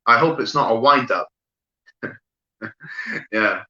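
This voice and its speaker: A man doing an online stand-up set of deadpan one-liners, often tagging "right?" and pausing with fillers. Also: mid-range voice. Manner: deadpan delivery with frequent "right?" asides and fillers. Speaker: stand-up comedian. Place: home room, streamed online show. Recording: roomy echo, dull lo-fi sound.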